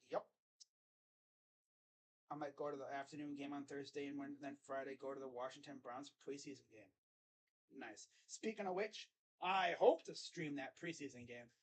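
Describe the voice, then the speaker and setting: A man hosting a live sports reaction stream, chatty and excitable, talking straight to his viewers. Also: medium pitch, moderate pace, long pauses, a little hiss or hum.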